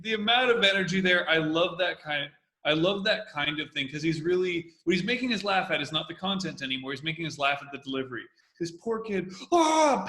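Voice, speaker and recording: Bright, energetic male commentary host. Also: sits high, echoey room. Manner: energetic, repeats phrases. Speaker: host analyzing comedy. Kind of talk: casual video commentary.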